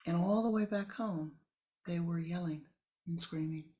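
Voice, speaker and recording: A woman spiritual teacher telling a story in a meditation talk, slow, with whispered asides and repeated phrases. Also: lowish voice, warm tone.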